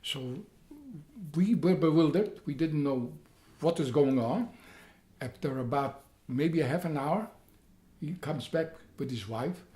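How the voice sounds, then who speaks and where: An elderly man in his eighties from Poland, speaking, tells his own story in a halting way, repeating words and growing loud as he relives events. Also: on the high side. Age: 80s. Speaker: interviewee. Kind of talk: personal storytelling. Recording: roomy echo.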